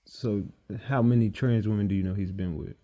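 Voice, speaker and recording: A man's voice: fairly low pitch, fairly even intonation, fairly quick, warm tone. A man interviewing a guest, asking blunt, probing questions in a casual way.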